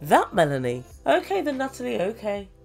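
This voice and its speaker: A woman's voice: on the high side, huge pitch swings, normal speed, gravelly, darkish tone, soft background music. A woman recapping a reality show with a sardonic, mocking delivery and free swearing. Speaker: reality TV reviewer. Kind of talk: sarcastic recap commentary.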